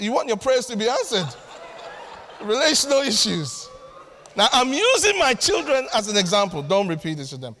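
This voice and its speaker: A man preaching a sermon to his church, animated and acting out little family scenes as he talks. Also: sits high, moderate pace, a little hiss or hum. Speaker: pastor. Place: church hall. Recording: long hall reverb.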